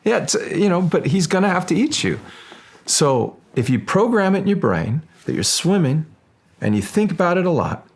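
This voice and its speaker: A man speaking as a guest in an interview, halting and restarting, then animated when telling stories. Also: high-pitched. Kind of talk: casual interview talk.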